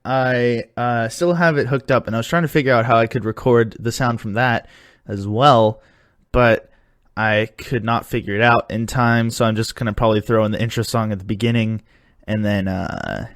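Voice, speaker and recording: A man's voice: medium pitch, steady tone, moderate pace, no room sound, studio quality. A young man co-hosting a podcast in easygoing casual chat, loose and hesitant with "uh.". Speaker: podcast co-host.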